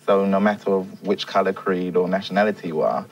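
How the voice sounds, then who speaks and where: A man's voice: sits low, steady tone, fairly quick, dull audio. A man being interviewed as a musician, speaking playfully and slipping into rhymes. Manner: playful, slips into rhyming chat. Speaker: musician guest. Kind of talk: casual interview chat. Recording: distant from the mic.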